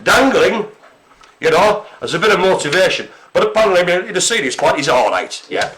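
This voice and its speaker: Bright-voiced chatty man. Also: high-pitched, sing-song, fairly quick, a little hiss or hum. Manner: chatty, jokey storytelling with fillers. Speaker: co-host of a live care-centre broadcast. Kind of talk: casual chat.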